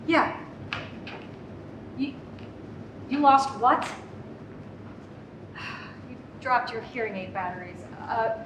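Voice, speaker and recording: A high-pitched, flustered middle-aged mother, as a woman plays her on stage, stammering through restarts while juggling a call, her old mother and a toddler. The voice sits back from the mic in an echoey room. A steady noise runs under the live sketch recording. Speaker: comedic actor. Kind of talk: live comedy sketch monologue. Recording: roomy, distant, noisy live recording.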